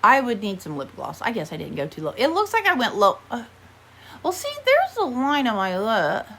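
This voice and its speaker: A woman's voice: a little high, wildly swooping pitch, moderate pace, a bit bright. An American woman chatting casually in a haul vlog while trying on makeup, rambling and poking fun at herself. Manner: chatty, rambling, self-deprecating. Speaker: vlogger.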